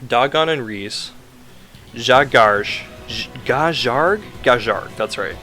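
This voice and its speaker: A man's voice: mid-range voice, slow pace, pushed and bright, faint music behind. A man giving a rambling, sarcastic, casual game review, swearing often and filling his talk with "like".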